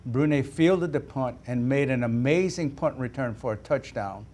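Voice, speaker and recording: Measured, thoughtful male guest. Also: mid-range voice, a little mellow. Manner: measured, thoughtful, recalls carefully. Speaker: studio guest, former player. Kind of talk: reflective sports talk.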